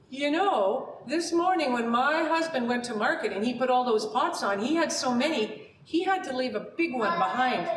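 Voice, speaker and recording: A woman's voice: a little high, fairly bright tone, slight background noise. A woman voicing a poor potter's wife, a young mother who talks in an earnest, pleading, chatty way. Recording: roomy hall recording from a distance.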